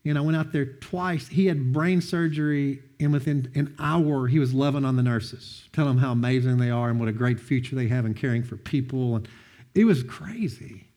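A man sharing a personal testimony, earnest and heartfelt, often quoting others with lively bursts of emphasis. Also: mid-range voice, moderate pace. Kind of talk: heartfelt storytelling talk.

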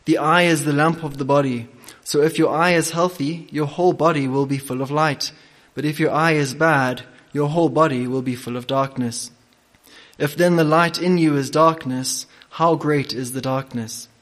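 A man preaching a sermon and leading prayer, speaking deliberately with frequent hesitations. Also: a little high, fairly even intonation, a bit bright.

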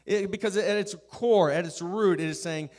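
A middle-aged male pastor with a high voice preaches a sermon at a moderate pace. He swings between quiet intensity and loud, animated storytelling.

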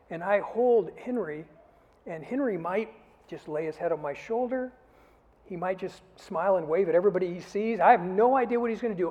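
An older man preaching a sermon as a pastor, earnest, rising to loud emphasis and sinking to near whispers. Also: high voice. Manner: earnest, swells louder then drops to a near whisper. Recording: dull sound with long hall reverb.

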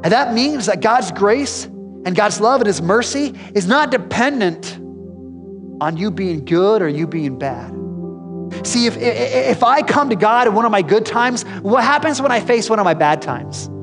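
A man's voice: sits high, lively intonation, a little slow, in a large hall, music in the background. A man preaching a sermon as pastor, talking to the congregation in a direct, conversational and emphatic way. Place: church sanctuary.

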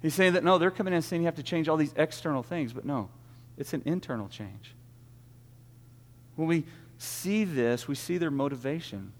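A man's voice: fairly high pitch, animated, normal speed. A man preaching an earnest sermon, often restarting his words. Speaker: pastor. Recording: long hall reverb.

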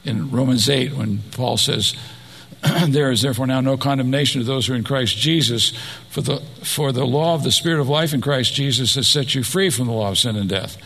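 A man's voice: medium pitch, a little fast, gravelly, fairly bright tone. A man preaching a sermon, asking the listeners rhetorical questions and adding personal asides.

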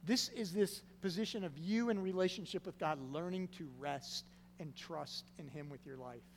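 Man, pastor, sermon, higher-pitched voice, loud emphasis then hushed drops, long reverb, faint hum. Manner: swings from loud emphatic stresses to hushed low phrases.

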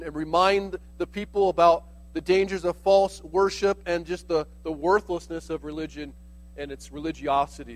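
A man with a fairly high voice delivers a sermon as a pastor, talking it through in a relaxed, explanatory way. A faint electrical hum sits under the recording. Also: poor audio. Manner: conversational preaching, explains with "like" asides.

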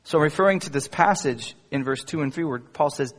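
Husky-voiced male pastor preaching. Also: on the high side, a little fast. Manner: animated, rising to emphatic quotes. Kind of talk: sermon. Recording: echoey hall, long reverb.

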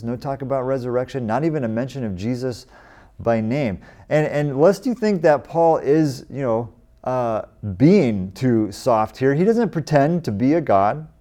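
A man in his forties from the United States, working as a pastor, gives a conversational sermon and raises his voice for emphasis on scripture. His tone is warm and his pitch medium.

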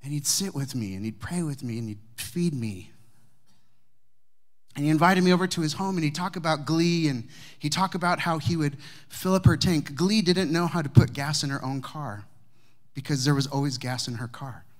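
A man preaching, a pastor telling a personal story to his congregation with humor and warmth of delivery. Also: a little high, moderate pace. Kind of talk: sermon storytelling. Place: church sanctuary with congregation.

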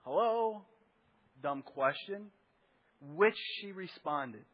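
High-voiced preaching man, slightly muffled. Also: normal speed, long reverb tail. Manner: conversational preaching with rhetorical asides. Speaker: pastor. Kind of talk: sermon.

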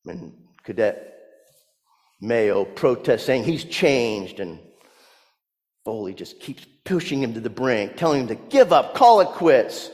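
Slow, expressive male preacher. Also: mid-range voice, big-room sound. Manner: storytelling, swings from hushed to loud emphasis. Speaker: pastor. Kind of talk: sermon.

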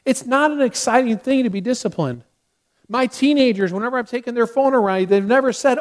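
A man's voice: very high-pitched, brisk. A middle-aged man preaching a sermon as a pastor, earnest, with sudden acted outbursts.

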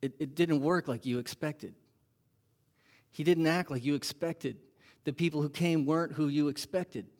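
A man preaching a sermon as pastor, animated and asking the congregation rhetorical questions. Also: a little high, normal speed.

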